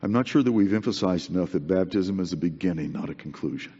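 A low-pitched, mellow, slightly rough male voice delivers an expressive sermon at a quick pace. He sounds earnest and conversational, leaning on repetition to stress what matters. It's captured on a dull recording drenched in long hall reverb.

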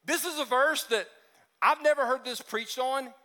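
A man's voice: very high-pitched, moderate pace, pushed and bright. A man preaching a conversational sermon as pastor, with joking asides and acted-out voices, in a church hall.

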